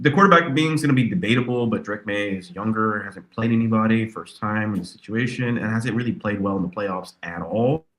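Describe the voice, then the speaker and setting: A man co-hosting a casual sports chat, slangy and animated, often mimicking people in a higher voice. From California. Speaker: podcast co-host.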